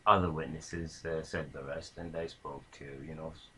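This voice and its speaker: A man's voice: very deep voice, flat delivery, moderate pace, a bit bright, a little hiss or hum, low-quality recording. A man casually telling a long anecdote, rambling with many fillers and restarts. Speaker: storyteller.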